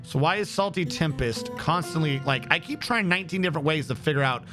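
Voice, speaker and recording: A man's voice: a little high, lively intonation, brisk, music in the background. A man streaming a game, thinking aloud on a headset as he troubleshoots. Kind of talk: casual gameplay commentary.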